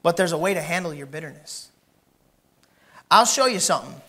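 Man in the pulpit, bright and forceful, who builds to shouts and then drops to low asides while checking the room. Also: lively intonation, a little fast. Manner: swings from shouted emphasis to quiet, joking asides; asks the congregation questions directly. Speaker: pastor. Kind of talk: sermon. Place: church.

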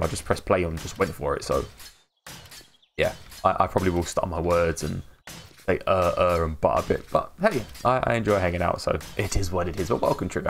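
A man's voice: sits low, slight background noise. An English man hosting a casual live game stream, rambling, laughing often and greeting viewers in chat by name. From England. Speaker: livestream host.

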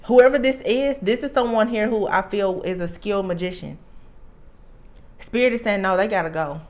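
A woman's voice: mid-range voice, normal speed. A woman giving a tarot reading to her viewers, talking earnestly and with emphasis, often restarting her sentences. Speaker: tarot reader.

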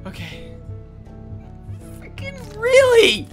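A hoarse young man commentating on a video game, shouting, cursing and ranting in frustration. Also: very high-pitched, sing-song, slow, faint music behind. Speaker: let's play gamer. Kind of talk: angry gameplay commentary.

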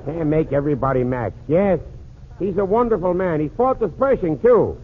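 A man doing a one-sided comic phone call in a 1940s radio comedy monologue, patter quick and full of jokes. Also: fairly high pitch, animated. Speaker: comedian and emcee. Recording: tinny lo-fi 1940s radio transcription with faint hiss.

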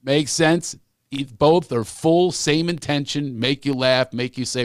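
A man's voice: medium pitch, fairly even intonation, normal speed, clean tone, dry recording, clean studio sound. A man who is a comedian guest, ranting animatedly and repeating words when fired up. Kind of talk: animated podcast conversation.

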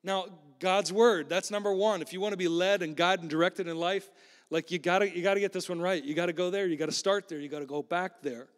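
A man's voice: sits high, fairly even intonation, quick pace. A man preaching a sermon in a loose, conversational way, often repeating words and restarting. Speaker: pastor. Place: church sanctuary. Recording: long hall reverb.

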